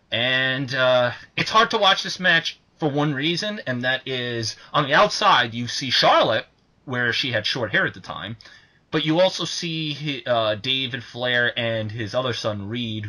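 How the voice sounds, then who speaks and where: A young man co-hosting a casual podcast, excitable and swearing freely, who shouts when worked up. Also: medium pitch. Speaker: podcast co-host.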